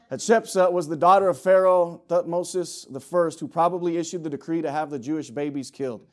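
Impassioned higher-voiced male preacher. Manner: impassioned, swings from loud urging to low asides; folksy, joking with the congregation. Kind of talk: sermon.

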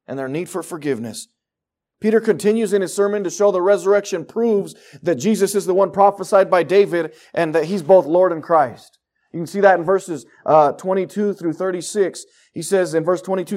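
A man with a high-pitched voice preaches a sermon with fervour. He drops to a near hush, then builds to loud, emphatic declarations. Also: normal speed. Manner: fervent, swinging from quiet to loud.

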